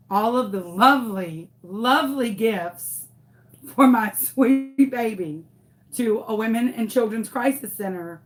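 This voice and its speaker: A young woman telling a story in a casual, dramatic way, acting out the voices of the people in it. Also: on the high side. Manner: dramatic, exaggerated retelling with quoted voices. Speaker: craft vlogger.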